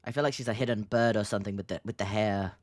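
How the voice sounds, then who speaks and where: A woman's voice: rumbling low, racing, a little mellow, no room sound. A woman streamer chatting playfully and reading a game aloud, giggling and teasing. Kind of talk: casual commentary while reading a game aloud.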